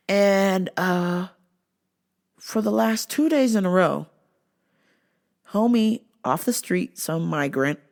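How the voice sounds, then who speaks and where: Woman vlog host, low and gravelly, exasperated and profane. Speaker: vlog host and store worker. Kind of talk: casual vlog rant.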